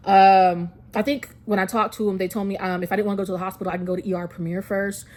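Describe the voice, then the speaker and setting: A woman's voice: mid-range voice, fast. Twenty-something woman vlogging, rambly storytelling, lots of um and like, close to tears. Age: 20s. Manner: chatty, many fillers and restarts; emotional, near tears at times. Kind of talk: casual storytelling to camera.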